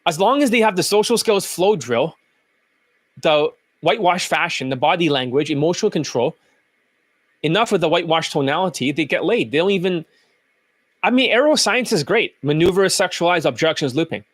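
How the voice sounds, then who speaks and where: A dating coach ranting angrily and swearing while commenting on video clips. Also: male voice, on the high side, lively intonation, a little fast, dry recording. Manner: profane, ranting, combative. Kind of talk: angry commentary over clips.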